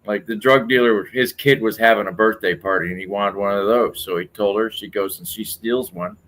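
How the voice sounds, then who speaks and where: A man's voice: on the low side, steady tone, a little fast, a bit bright. Man, podcast co-host, crude heavy swearing, loose casual storytelling.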